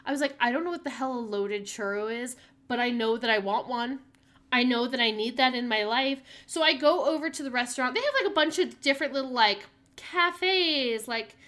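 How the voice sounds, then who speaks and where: A high-voiced woman chats casually while she streams a game. Her tone is bright and crisp, and she tells stories in an animated way, full of fillers. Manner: chatty, animated storytelling with many fillers. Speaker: mother. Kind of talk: casual gameplay stream chat.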